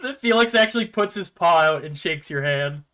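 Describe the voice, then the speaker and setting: Bright-voiced man running a tabletop game. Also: a little high, expressive, normal speed, smooth. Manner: easygoing, laughs often while narrating. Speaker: game master.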